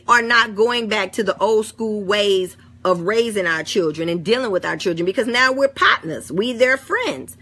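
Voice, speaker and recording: A woman's voice: mid-range voice, expressive, normal speed, few pauses, pushed and bright, husky. A middle-aged woman with an African American St. Louis accent, talking bluntly and swearing freely in a casual chat. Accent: African American English, St. Louis. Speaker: vlogger. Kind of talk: casual talk to camera.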